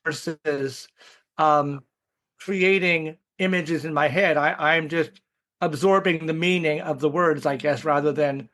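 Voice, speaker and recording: Man guest, higher-pitched, thinks aloud, stumbles over repeats. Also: fairly even intonation, a bit bright. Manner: halting, repeats words as he thinks. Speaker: podcast guest. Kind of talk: casual book-club chat.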